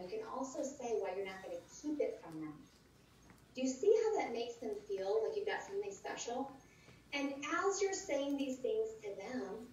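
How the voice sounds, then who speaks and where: A woman giving a conversational training talk at a conference, lively and often acting out sample lines. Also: mid-range voice, a little hiss or hum. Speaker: sales trainer. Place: large conference room. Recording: roomy echoey hall, distant dull mic.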